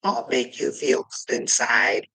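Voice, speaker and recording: A man's voice: medium pitch, measured pace, gravelly, pushed and bright, husky. A man ranting casually to his chat, swearing often, laughing constantly and calling people bud in a mocking, teasing way. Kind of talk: casual profane rant to chat.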